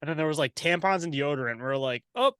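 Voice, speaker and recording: A man's voice: a little high, fast, fairly bright tone, clean tone, no room sound, studio quality. A man guest on a podcast, chatting casually and laid-back, swearing and saying "bro" often. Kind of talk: casual chat.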